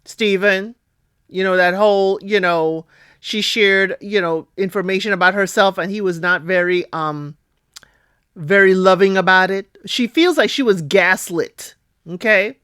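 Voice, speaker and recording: A woman's voice: mid-range voice, a little slow, clean tone, dry recording, studio quality. Chatty woman recapping a TV show. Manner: chatty and expressive, keeps asking "okay?" and addresses listeners as "y'all". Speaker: reality TV recap vlogger. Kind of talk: casual recap commentary.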